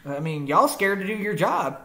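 A man's voice: sits high, very animated, moderate pace, sharp tone. A young man in a confrontational rant to the camera, defiant and combative, using slangy street talk and rhetorical questions. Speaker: vlogger.

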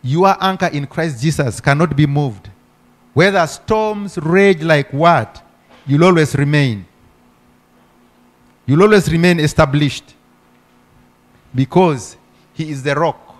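A man's voice: fairly high pitch, slow pace, long pauses. A middle-aged male pastor preaching a sermon. He asks the congregation rhetorical questions and punctuates his points with repeated hallelujahs.

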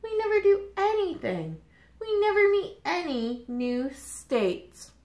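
A woman voicing a bored, restless male state in a picture book, complaining in a drawn-out way, in a roomy space. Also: very high voice, very animated, darkish tone, pitched above the performer's own voice, exaggerated voice. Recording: roomy echo.

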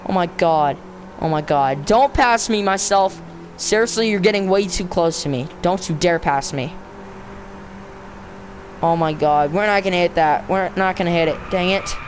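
An excitable young gamer with a high voice yells at a race while giving casual let's-play commentary on his own play. Talking at a moderate pace, he speaks to the game and himself in slang, saying "dude" and "bro," and bursts into frustrated shouting. A bit of hiss or hum is audible.

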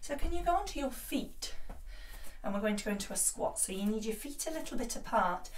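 A woman teaching a children's yoga class in a gentle, encouraging way. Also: fairly high pitch, expressive, a little fast, a little hiss or hum. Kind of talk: guided kids' yoga class. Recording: echoey room, voice from a distance.

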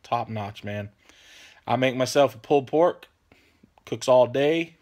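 A man hosting a casual vlog Q&A. He talks in a relaxed, rambling way and apologizes often. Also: mid-range voice, measured pace. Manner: laid-back, rambling, apologetic, peppers talk with "man". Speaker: channel host answering viewer questions.

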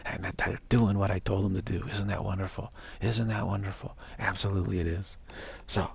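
Deep, dark-toned and creaky, with a breathy edge, this man's voice moves briskly. He is a spiritual teacher giving a monologue full of repeated affirmations, occasionally lowering to whispers.

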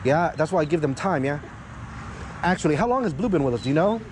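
A man's voice: fairly high pitch, lively intonation, quick pace, slight background noise, low-quality recording. Talkative male dog trainer outdoors. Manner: talkative coaching, keeps checking in with "yeah?" and "okay?", swears casually. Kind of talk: explaining a training session to a dog owner. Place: outdoors by a parking area with cars.

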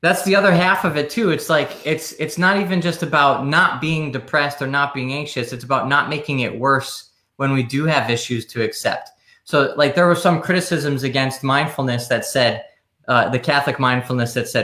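A man's voice: mid-range voice, normal speed, bright, forceful tone, roomy sound. A man who is a psychologist and author, earnestly explaining his ideas in a casual interview. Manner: earnest, explaining at length with restarts.

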